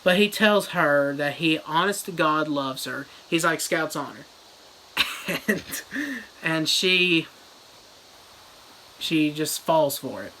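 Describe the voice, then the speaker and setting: Slow, rambling deadpan reviewer. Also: medium pitch, slight background noise, low-quality recording. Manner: crude, deadpan, rambling jokes. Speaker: book reviewer. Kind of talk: comedic rambling book summary.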